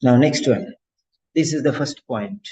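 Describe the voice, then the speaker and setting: A man's voice: mid-range voice, a little slow, a little mellow. A male exam coach giving a motivational lecture, preachy and repeating phrases for emphasis. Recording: dull lo-fi lecture audio.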